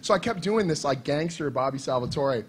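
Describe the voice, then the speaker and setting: Animated, profane male storyteller. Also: on the high side, brisk, a little hiss or hum. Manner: animated, profane, laughing through his anecdote. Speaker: comics writer on a convention panel. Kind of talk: casual storytelling on a panel.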